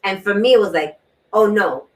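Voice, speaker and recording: A woman hosting a talk show, sharing a personal story in an earnest way, repeating key words and often clearing her throat. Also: medium pitch, normal speed, darkish tone. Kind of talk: personal testimony in a panel talk. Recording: distant mic.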